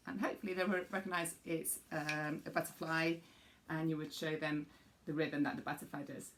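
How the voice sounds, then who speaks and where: A woman's voice: low voice, brisk. Woman teacher explaining music games. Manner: patient, explanatory, demonstrates rhythms aloud. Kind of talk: teaching demonstration.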